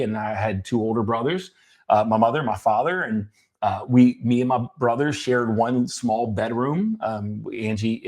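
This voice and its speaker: Halting, emotional middle-aged man storyteller. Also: medium pitch, a little mellow. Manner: halting, many restarts, emotional at times. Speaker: podcast co-host. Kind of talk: personal storytelling conversation.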